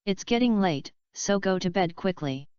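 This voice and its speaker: A woman's voice: mid-range voice, animated, moderate pace, a little mellow, smooth, no room sound, natural voice. A woman reading the lines of a caring, awkward young man in an audiobook, in her own plain voice. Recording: dull lo-fi dry recording.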